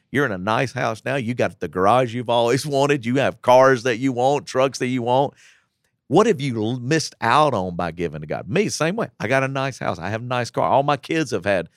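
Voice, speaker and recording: A man's voice: medium pitch, no echo, studio quality. A man, a pastor telling faith stories on a church podcast. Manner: earnest testimony, acts out quotes.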